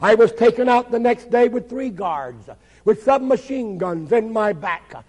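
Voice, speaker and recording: A man's voice: extremely high pitch, expressive, measured pace, a little mellow, big-room sound, poor audio. A man, a pastor, giving an impassioned testimony sermon with dramatic storytelling.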